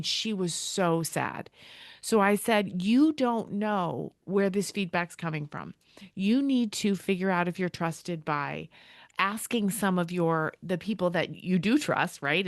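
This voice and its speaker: Middle-aged woman from the us, lowish voice, dry close mic, chatty podcast guest doing the voices in her stories. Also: dry recording. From United States. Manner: animated storyteller, acts out quoted dialogue. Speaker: podcast guest, school leader. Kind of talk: casual interview talk.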